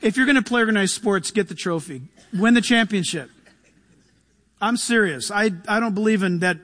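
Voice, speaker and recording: A man preaching an animated sermon, acting out quoted voices and saying "listen" often. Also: sits high, moderate pace. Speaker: pastor. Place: church.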